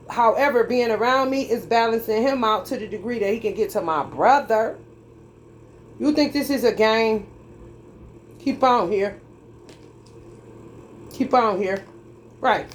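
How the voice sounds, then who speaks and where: Woman tarot reader, fairly high voice, preachy, profane, drawling, faint noise behind. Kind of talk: tarot reading monologue.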